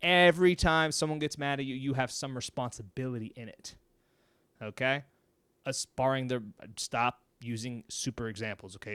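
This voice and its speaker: A man's voice: mid-range voice, fairly bright tone, smooth, no room sound. A man talking casually to camera at home. He is blunt and chatty, checks in with "okay?" and swears now and then. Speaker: mental health video host. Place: home room.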